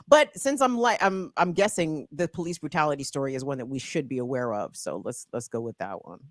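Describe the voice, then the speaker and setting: Baltimore woman host, animated pitch, dry close sound, playful casual chat. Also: a little fast, dry recording. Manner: lively, playful, laughs often. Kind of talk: casual talk show chat.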